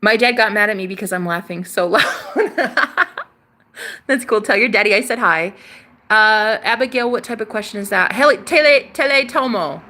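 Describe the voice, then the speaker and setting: A woman's voice: mid-range voice, lively intonation, moderate pace, sharp tone. A young woman hosting a spiritual livestream, chatting casually, reading out viewer comments with sass, swearing freely and laughing often.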